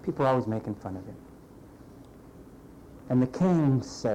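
Animated, mellow-voiced preacher man. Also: mid-range voice, moderate pace, a little hiss or hum, low-quality recording. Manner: animated, conversational preaching, acts out quoted voices. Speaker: pastor. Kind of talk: sermon.

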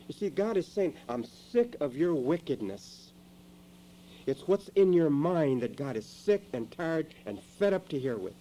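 A man preaching a sermon in a church, dramatic, moving between quiet asides and loud emphatic lines. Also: fairly high pitch, expressive, moderate pace, few pauses, a little hiss or hum, low-quality recording.

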